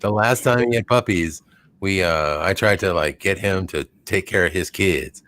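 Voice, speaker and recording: Deep-voiced man hosting a laid-back stream. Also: moderate pace, fairly bright tone, no echo. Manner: rambling, chuckling, quotes dogs in silly voices. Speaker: livestream host. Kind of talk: casual chat.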